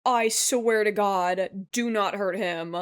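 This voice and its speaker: A woman's voice: mid-range voice, slow, slight background noise. A young woman giving a live reaction commentary, emotional and pleading, often gasping or dropping to a whisper, close to tears. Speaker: anime reaction youtuber.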